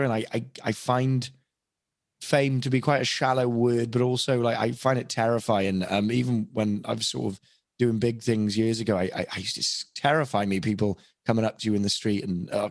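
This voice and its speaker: A man's voice: mid-range voice, dry recording. Chatty British man, dry close sound. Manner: chatty, candid, many restarts and asides. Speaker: voice actor and impressionist, podcast guest. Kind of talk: casual podcast interview. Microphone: podcast microphone.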